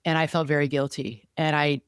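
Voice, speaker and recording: A middle-aged woman co-hosting a podcast and coaching, talking in an animated, reflective way with many asides. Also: deep voice, fairly quick, smooth, no echo, clean studio sound. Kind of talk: casual podcast chat. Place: home podcasting room.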